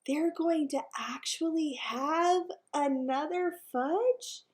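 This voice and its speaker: A woman's voice: sits high, animated, slow, voice pushed up. A woman voicing a sulky, indignant schoolboy who is the older brother.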